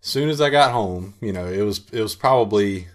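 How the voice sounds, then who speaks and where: Low-voiced man rambling through a story. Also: brisk. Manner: rambling storyteller, laughs at himself. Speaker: podcast co-host. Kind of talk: casual banter among friends.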